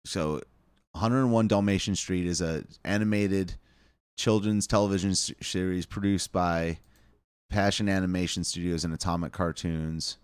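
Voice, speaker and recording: A man's voice: deep voice, steady tone, normal speed, clear, resonant tone, no echo. A man hosting a casual live stream, reading headlines aloud with wry asides and chuckles. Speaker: live show host.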